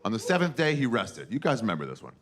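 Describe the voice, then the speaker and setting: A man's voice: medium pitch, wildly swooping pitch, fast talker. A man in his forties doing stand-up comedy, crude, irreverent and conversational. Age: 40s. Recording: loud background noise.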